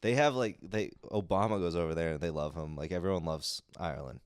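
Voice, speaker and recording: A man's voice: low voice, brisk, smooth, no room sound, studio quality. A man co-hosting a casual podcast chat, chiming in with jokes and laughing along. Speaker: podcast co-host.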